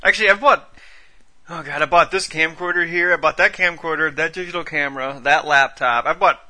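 A young man hosting a podcast in relaxed, joking casual chat. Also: a little high, fairly quick. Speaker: podcast host.

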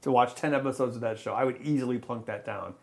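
A man's voice: mid-range voice, quick pace, creaky. A man in his thirties co-hosting a podcast, joking and opinionated in casual chat, often restarting his sentences. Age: 30s. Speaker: podcast co-host.

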